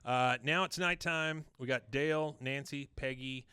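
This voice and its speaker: A man co-hosting a podcast, casually retelling a cartoon episode and acting out its lines in quick bursts. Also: medium pitch, bright, forceful tone, clear, resonant tone, no room sound. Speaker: podcast co-host recapping an episode. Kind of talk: casual chat, retelling scenes.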